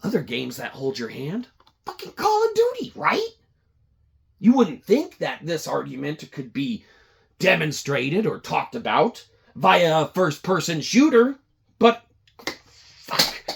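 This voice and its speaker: Gravelly, animated podcast ranter. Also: mid-range voice, slow, pauses often. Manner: rambling, crude, sarcastic storytelling. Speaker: podcast host. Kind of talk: profane comedic rant.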